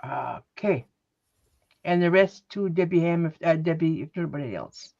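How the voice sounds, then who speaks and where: A woman's voice: low voice, moderate pace, creaky, a little mellow, no room sound, lo-fi sound. A woman co-hosting a live sale, reading out buyers and lots in short, casual bursts. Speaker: sale co-host tracking buyers. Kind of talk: casual chat.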